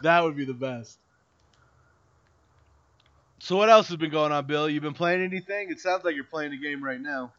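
A man co-hosting a podcast in casual chat, animated and slangy with lots of "like" fillers. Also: on the high side, moderate pace, long pauses. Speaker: podcast co-host. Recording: dull lo-fi sound.

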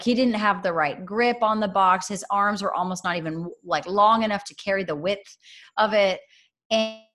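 A woman in her thirties in a casual faith chat, telling a story in a chatty, animated way with lots of fillers. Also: fairly low pitch.

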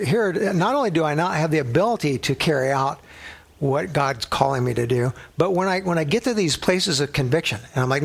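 A man's voice: fairly high pitch, creaky, breathy edge. A middle-aged male pastor teaching a sermon in a conversational way, telling personal stories and using a coffee cup as a prop.

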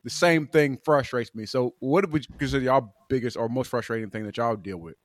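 A man's voice: mid-range voice, a little fast, no room sound, studio quality. A man co-hosting a podcast, chatting casually with frequent affirming murmurs and laughs. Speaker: podcast co-host. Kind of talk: casual chat.

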